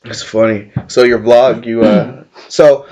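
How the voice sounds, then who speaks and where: A man's voice: mid-range voice, fairly even intonation, slow pace, darkish tone. A young man co-hosting a podcast in casual chat, laughing often and swearing as he retells stories. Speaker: podcast co-host.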